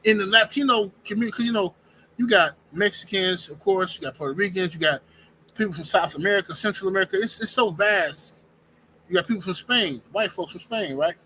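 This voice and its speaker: A man hosting a live-streamed talk show, speaking in an animated, emphatic way, often restarting sentences. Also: sits high, brisk, a little hiss or hum, low-quality recording. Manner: animated, emphatic, repeats words and restarts, says "bro" and "fam". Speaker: podcast host. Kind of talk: casual opinionated live-stream chat.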